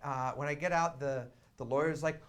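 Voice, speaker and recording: A young man telling a long comic story on a theater stage, chatty and wry, shouting quoted lines for effect. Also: a little high, fairly even intonation, normal speed. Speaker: comedian. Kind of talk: live storytelling stand-up. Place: small theater stage with audience.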